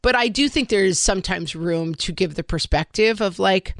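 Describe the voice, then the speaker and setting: A woman's voice: mid-range voice, expressive, normal speed, dry recording, clean studio sound. A middle-aged woman co-hosting a parenting podcast, talking candidly and a little self-deprecatingly, thinking aloud with lots of "like.". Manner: candid, self-deprecating, talks through thoughts with many "like"s. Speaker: podcast co-host. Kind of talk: casual parenting chat.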